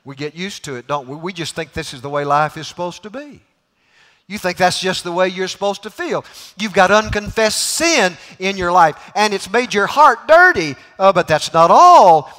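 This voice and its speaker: A man preaching a sermon as guest preacher in a church, folksy and joke-telling, swinging between loud and quiet. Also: sits high, animated, moderate pace. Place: church sanctuary. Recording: reverberant church hall.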